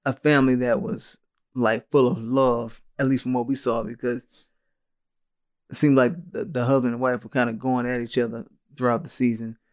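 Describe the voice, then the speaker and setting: A man's voice: mid-range voice, flat delivery, moderate pace, a little mellow, clean tone. Easygoing man podcast host. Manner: easygoing, rambling with fillers and restarts. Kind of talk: casual chat.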